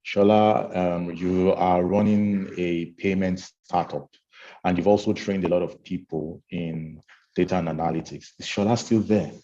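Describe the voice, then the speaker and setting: Deep-voiced man moderating a video call. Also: fairly even intonation, a little slow, mellow. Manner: hesitant, repeats words. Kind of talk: hosting a virtual panel. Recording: dull lo-fi video call audio.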